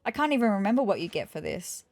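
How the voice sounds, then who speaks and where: A woman's voice: mid-range voice, very animated, quick pace, a little mellow. Chatty woman narrating her gameplay. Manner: chatty and easily squeamish, thinking aloud as she plays. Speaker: gaming YouTuber. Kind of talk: casual let's play commentary.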